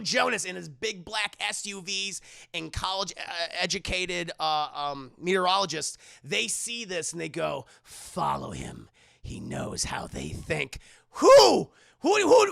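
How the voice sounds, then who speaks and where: Animated, profane man recapping a movie. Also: sits high, gravelly. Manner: animated, profane, acts out characters in mock voices. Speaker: streamer reviewing a movie. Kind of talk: comedic movie recap to stream chat.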